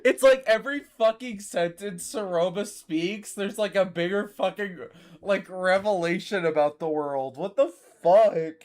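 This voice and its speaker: A woman's voice: mid-range voice, measured pace, few pauses. A woman reading fanfiction aloud, reacting with incredulous swearing and frequent laughter. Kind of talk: comedic read-aloud with reactions.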